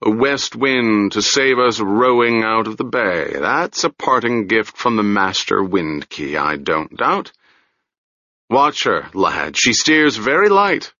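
A man voicing a calm, wry, middle-aged wizard in a storybook reading, easygoing and gently teasing. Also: on the low side, takes it slowly, no room sound, dull audio, exaggerated voice. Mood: brisk.

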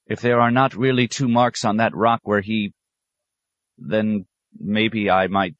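A man's voice: on the low side, flat delivery, a little slow, a bit bright, dull audio, voice pushed up. A man voicing a timid seventeen-year-old novice monk who stammers and gasps his replies. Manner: stammering, breathless.

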